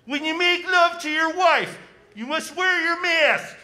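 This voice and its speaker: A male comedian doing a mock impression of a fussy, alarmist public health doctor, in a high, strained voice, on a comedy club stage. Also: a little slow, bright, forceful tone, heavily acted. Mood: alarmed. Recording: live club mic with crowd.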